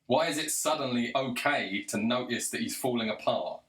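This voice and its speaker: A man's voice: medium pitch, normal speed, fairly bright tone. A man delivering an angry, sarcastic, profanity-laden rant to the camera. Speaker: video commentator. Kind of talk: ranting monologue. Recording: roomy echo.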